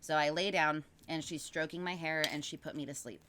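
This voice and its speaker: Woman, low pitch, casual rambling storyteller, podcast guest. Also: fairly quick. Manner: animated, rambling with frequent fillers.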